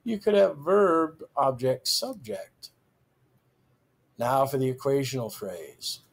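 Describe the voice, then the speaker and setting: Husky man giving a slow grammar lecture. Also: medium pitch, lively intonation. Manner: slow, deliberate, stresses key terms. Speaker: teacher.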